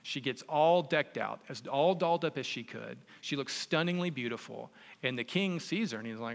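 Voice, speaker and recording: A man preaching a sermon, retelling a story in an animated, conversational way. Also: medium pitch, a little fast, gravelly, few pauses. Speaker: pastor. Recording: long reverb in a large hall.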